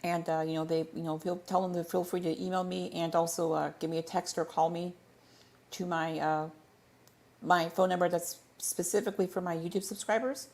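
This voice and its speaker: A woman with a slightly low voice chats through a livestream Q&A. She rambles, stumbles over her words and corrects herself as she goes. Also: steady tone, fairly quick, a little mellow. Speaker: livestream host. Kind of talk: casual livestream Q&A chat.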